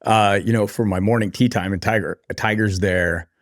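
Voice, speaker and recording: A man from California, a podcast guest, telling stories in an animated, slangy way. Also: lowish voice, moderate pace, no echo, studio quality. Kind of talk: casual storytelling interview.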